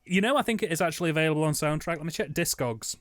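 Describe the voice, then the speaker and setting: A man co-hosting a casual film commentary, cracking playful deadpan jokes and laughing a lot. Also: on the high side, fast. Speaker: co-host.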